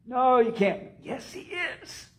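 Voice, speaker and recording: Man doing a squeaky excited servant girl. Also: slow pace, full character voice. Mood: insistent. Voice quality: high and squeaky.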